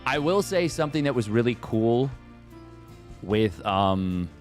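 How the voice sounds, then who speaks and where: A man giving casual live commentary on a strategy game, rambling and excitable as he chats between plays. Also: mid-range voice, unhurried, faint music behind. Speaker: esports commentator.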